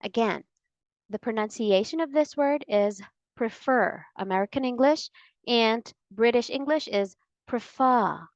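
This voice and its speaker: A woman giving a scripted English pronunciation lesson, saying model words slowly and clearly. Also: fairly high pitch, darkish tone, dry recording, dull audio.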